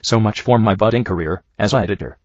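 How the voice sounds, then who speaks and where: A man reading a badly written story aloud in a dry, sarcastic, deadpan way, mocking it as he goes. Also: lowish voice, quick pace, no room sound. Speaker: reviewer reading bad fanfiction. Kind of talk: dry comedic reading and commentary. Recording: dull lo-fi home recording.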